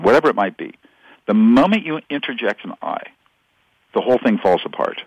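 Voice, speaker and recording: A man's voice: mid-range voice, sing-song, brisk, slightly rough, dry recording, poor audio. A man speaking as a guest expert in a conversational interview, explaining ideas with animation and acting out example exchanges.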